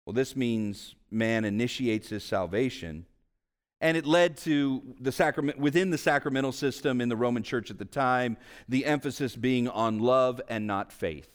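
A male pastor delivers a sermon in a middle-pitched voice. His delivery swings widely, climbing high and loud to drive a point home, then sinking low and quiet. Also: normal speed. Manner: animated, wide swings in pitch and volume.

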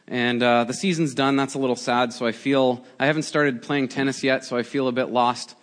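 A man in his forties, a pastor giving a conversational, animated sermon with prayer and storytelling. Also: mid-range voice, fairly quick. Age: 40s.

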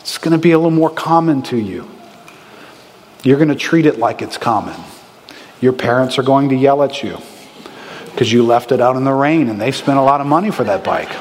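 A man preaching a sermon in a lively, conversational way, with bursts of excitement. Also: medium pitch, brisk, pauses often, slight background noise. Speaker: pastor. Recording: reverberant hall with faint ambience.

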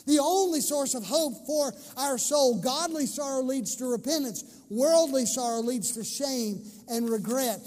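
A male pastor preaches a sermon with passion, his voice unusually high for a man and a little mellow. He leans hard on key words and draws phrases out slowly, while a long reverb rings after his lines as in a big church sanctuary.

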